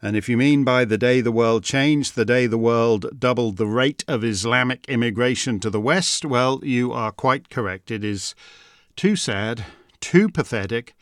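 A man's voice: mid-range voice, moderate pace, fairly bright tone, no echo, clean studio sound. A middle-aged man hosting a show, with a wry, theatrical delivery, reading listener questions and musing with frequent "uh"s. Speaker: host. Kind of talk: podcast monologue and listener questions.

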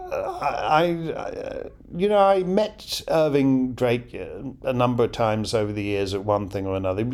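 A middle-aged man hosting a casual listener Q&A, wry and digressive with chuckling asides. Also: medium pitch. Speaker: podcast host answering listener questions. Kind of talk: casual Q&A chat.

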